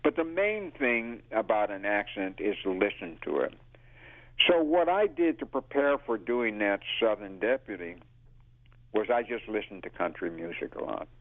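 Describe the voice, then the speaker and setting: An older man, a veteran actor, telling lively stories in a casual interview and acting out quotes. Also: lowish voice, moderate pace, no room sound. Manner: lively storyteller who acts out quotes and laughs. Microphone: phone. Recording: tinny phone line.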